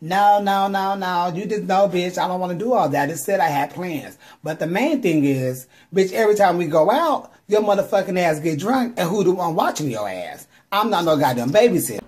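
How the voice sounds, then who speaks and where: A woman's voice: on the low side, lively intonation, a little fast, hardly any pauses, darkish tone, voice pushed down, close to an everyday voice. A woman voicing a fed-up woman who curses while refusing to babysit a drunk friend. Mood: exasperated. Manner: profane, exasperated ranting.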